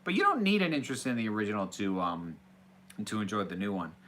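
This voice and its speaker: Bright-voiced man answering viewer questions. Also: lowish voice, huge pitch swings, fast talker. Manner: chatty and hesitant, restarts phrases. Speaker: host. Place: small office room.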